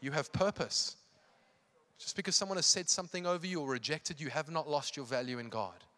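In a church hall with long reverb, a pastor delivers an evening sermon, emphatic and impassioned, repeating phrases for effect. His voice is a little high, fairly quick, bright, and forceful.

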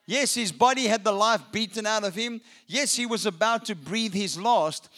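A male pastor preaching an Easter sermon in a church, with slow, dramatic pauses for emphasis. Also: high voice, sharp tone. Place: church with a balcony.

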